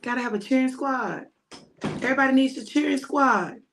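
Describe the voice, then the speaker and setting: A woman minister giving a fervent, repetitive exhortation, often shouting, with chatty asides in between. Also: high-pitched, brisk, creaky, a little hiss or hum.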